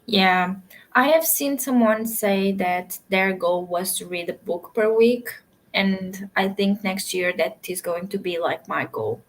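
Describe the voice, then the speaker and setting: Woman, co-host, casual chat, easygoing and giggly, slow speech. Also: mid-range voice, poor audio.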